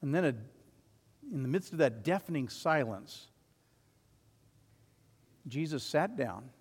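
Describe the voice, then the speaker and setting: Male pastor, sermon, emphatic swells and quiet drops, higher voice, long hall reverb. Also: animated, slow pace, husky.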